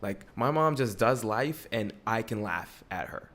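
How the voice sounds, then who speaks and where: A man in his twenties hosting a podcast in casual, profane chat. He gets excitable, laughs often and swings between loud bursts and low mutters. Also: measured pace. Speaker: podcast host.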